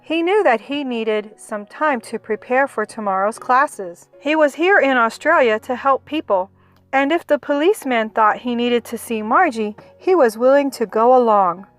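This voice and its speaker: A woman teaching a homeschool lesson, reading a storybook aloud slowly and clearly and explaining poetry terms. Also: fairly high pitch, animated. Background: faint music.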